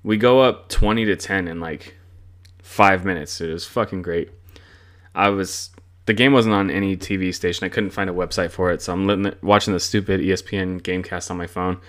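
A young man with a lowish voice vents about his football team in a loose, rambling podcast rant. He swears freely and circles back on his frustrations, talking the way a fan does to friends. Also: a bit bright. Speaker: sports podcast host. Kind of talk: casual sports rant.

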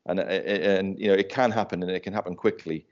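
A man's voice: sits low, fairly even intonation, fast. A man in a casual panel chat, talking loosely and laughing while he tells anecdotes. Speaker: panel guest. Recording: dull lo-fi sound.

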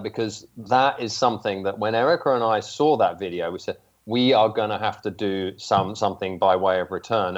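A man's voice: lowish voice, lo-fi sound. A man with an English accent chatting casually on a podcast, self-deprecating and dryly funny. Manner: self-deprecating, dry humor. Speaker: podcast guest co-host. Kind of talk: casual chat.

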